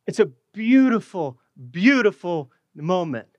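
A man preaching a sermon with passion, often dropping low and slowing down to stress his words. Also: very animated, a little mellow, no room sound, highs cut off. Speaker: pastor.

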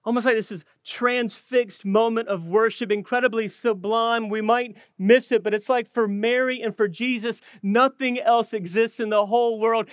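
High-voiced man preaching a sermon. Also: no room sound. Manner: passionate preaching, dropping low and slow for emphasis. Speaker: pastor.

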